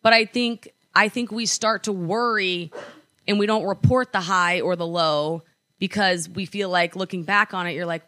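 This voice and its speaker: A young woman co-hosting a podcast, chatting casually, full of likes and quick restarts. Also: medium pitch, fairly even intonation, sharp tone, no room sound. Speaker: podcast co-host. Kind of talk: casual chat. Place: apartment.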